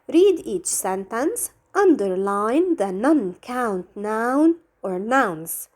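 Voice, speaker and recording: A woman's voice: on the high side, big pitch swings, extremely slow, a little mellow. A woman teaching an English grammar lesson, walking through exercises step by step with patient questions.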